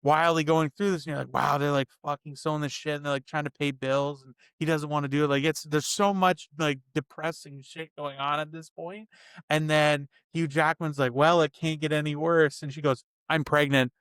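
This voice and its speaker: Smooth-voiced man in casual film chat. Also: a little high, moderate pace, no room sound, clean studio sound. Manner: animated, swearing, acts out scenes. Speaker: podcast co-host. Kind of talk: casual movie review chat.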